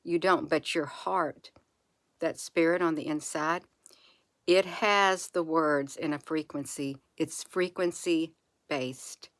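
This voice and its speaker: A woman speaking softly and reassuringly to her viewers, repeating phrases slowly in an encouraging spiritual monologue. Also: low-pitched, steady tone, no room sound. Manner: soft, repetitive, reassuring, with slow drawn-out phrases. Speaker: channel host.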